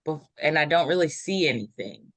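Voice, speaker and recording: A woman giving an intuitive numerology reading in a casual group chat, meandering and filling pauses with ums. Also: sits low, expressive, a bit bright, no echo. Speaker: numerology reader.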